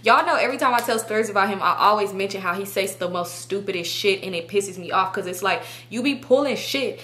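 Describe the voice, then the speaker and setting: A young woman telling a casual storytime to her viewers, animated and profane. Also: mid-range voice, fast. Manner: animated, profane, acts out quotes. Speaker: storytime vlogger.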